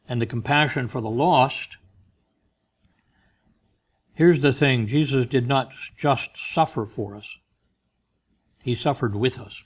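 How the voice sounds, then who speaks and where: Slow-speaking male preacher. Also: medium pitch. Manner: slow, emphatic preaching with soft asides. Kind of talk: sermon.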